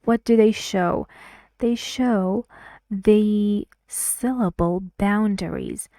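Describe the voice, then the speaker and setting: A woman whose first language is Persian teaches English pronunciation in an online lesson, talking slowly and deliberately and repeating words for her learners. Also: mid-range voice, mellow, no echo.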